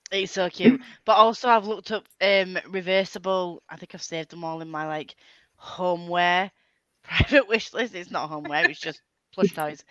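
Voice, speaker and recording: A woman's voice: lowish voice, unhurried, no echo, lo-fi sound. A woman chatting casually on a livestream, rambling with lots of fillers and laughing often. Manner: giggly, rambling, many fillers. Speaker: livestream co-host. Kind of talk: casual group chat on a livestream. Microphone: webcam headset or desk mic.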